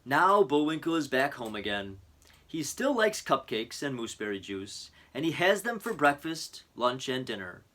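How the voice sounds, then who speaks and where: A man, a teacher, reading a children's picture book aloud to his students in an expressive storytelling voice. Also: mid-range voice, moderate pace.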